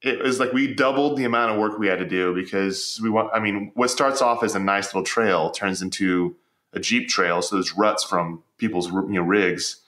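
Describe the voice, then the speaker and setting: A man's voice: fairly low pitch, normal speed, a bit bright, reverberant. A man telling stories as a podcast guest, earnest and reflective, often repeating words as he starts a thought. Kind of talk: storytelling in conversation.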